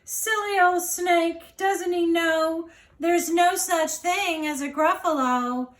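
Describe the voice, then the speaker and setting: A woman reading a children's storybook aloud and thanking families at the end, with a slow, expressive storytelling manner. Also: very high voice, echoey room. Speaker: company representative reading a children's book.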